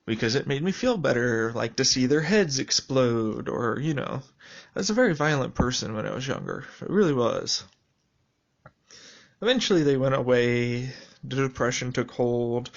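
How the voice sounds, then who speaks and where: A man talking through a reflective personal video journal in a rambling, halting way with many fillers. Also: medium pitch, gravelly, lo-fi sound.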